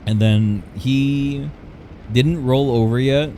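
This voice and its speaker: A man's voice: medium pitch, slow, mellow, slight background noise. A young man livestreaming, telling a personal story in a casual, rambling way, often restarting and correcting himself.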